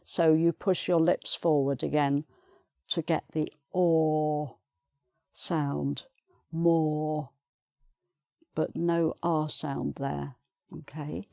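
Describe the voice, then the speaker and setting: Slow, patient British woman teaching. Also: low voice, fairly even intonation, gravelly, warm tone, no echo, studio quality. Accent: British English. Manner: patient, repeats example words slowly. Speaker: pronunciation teacher. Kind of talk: pronunciation lesson.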